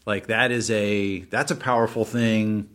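A man talking through ideas in a casual podcast conversation, thoughtful and hesitant, pausing with ums and restarts. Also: fairly low pitch, fairly even intonation, fairly bright tone.

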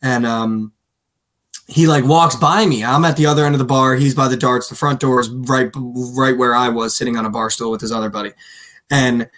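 A man's voice: mid-range voice, steady tone, normal speed, fairly bright tone. Casting: young male podcast co-host, loose and rambling, mid-range voice. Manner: rambling storyteller, lots of "like" and "dude". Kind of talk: casual sports betting chat.

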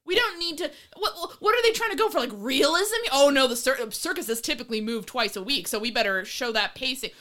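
A woman co-hosting a casual film-review chat, venting in an animated, exasperated way and slipping into mocking voices. Her voice sits a little high and sounds bright and tense. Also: brisk, hardly any pauses. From of Irish descent. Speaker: podcast co-host.

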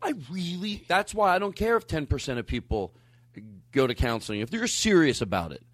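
Man podcast host, fairly high, animated pitch, rambling, earnest, dry close sound. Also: a little fast, no room sound. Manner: rambling, earnest, restarts often. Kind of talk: casual podcast chat.

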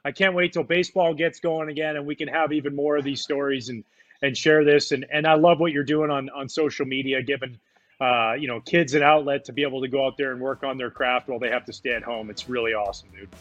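A man's voice: mid-range voice, quick pace, highs cut off. A man hosting a casual interview, chatting in a friendly way and full of praise for his guest. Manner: friendly, effusive praise, relaxed. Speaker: host.

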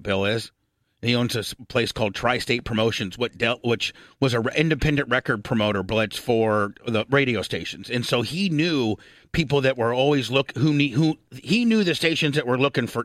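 A middle-aged man from Indiana hosting a radio talk show, telling a long story, swearing freely and clearing his throat often. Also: mid-range voice, a bit bright, dry recording, studio quality.

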